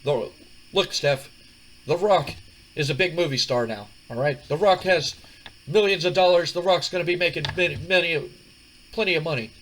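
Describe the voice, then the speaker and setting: Here is a swaggering, boastful movie-star wrestler who always speaks of himself in the third person, as a man puts him on. The voice sits a few notes higher than usual and comes out loud and pushy. The whole attitude is that nothing and nobody is worth his time. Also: moderate pace, slight background noise, close to an everyday voice, poor audio.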